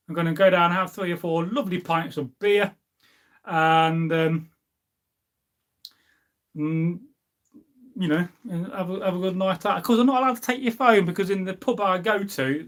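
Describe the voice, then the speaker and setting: A man hosting a casual live stream, rambling and reading out chat comments, drawing out food words slowly. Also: high-pitched.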